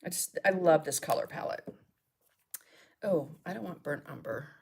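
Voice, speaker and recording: A woman's voice: deep voice, normal speed, vocal fry, darkish tone, slight background noise. A woman hosting a live mixed media art demonstration, chatting and thinking aloud as she works and answering viewer comments. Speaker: mixed media artist and host.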